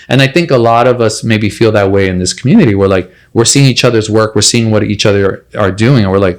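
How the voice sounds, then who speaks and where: A man's voice: lowish voice, fast, hardly any pauses. A man hosting a casual podcast interview, speaking earnestly and in a friendly way to a fellow surgeon. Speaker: podcast host, plastic surgeon.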